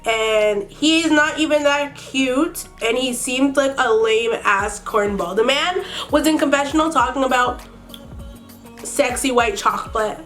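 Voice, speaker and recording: A woman's voice: sits high, unhurried, fairly bright tone, soft background music. A slightly sick woman doing a makeup tutorial while recapping a reality show in blunt, profane, sassy commentary. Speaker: beauty vlogger.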